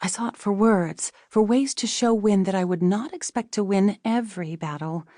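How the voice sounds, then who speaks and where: Mellow-voiced woman narrating an audiobook. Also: medium pitch, no room sound, studio quality. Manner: measured storytelling. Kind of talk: first-person scripted narration.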